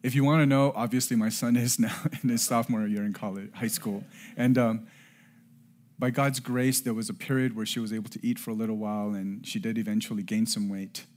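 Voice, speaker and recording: Speaking a little fast in a lowish register with a steady tone, this middle-aged pastor delivers a sermon built around a personal story. He's earnest, alternating between loud emphasis and hushed moments.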